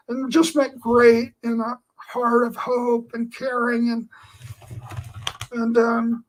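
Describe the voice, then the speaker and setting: A man's voice: very high voice, monotone, slow pace, low-quality recording. A man giving an earnest personal testimony, telling his story in a meandering way with lots of filler phrases. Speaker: Christian speaker.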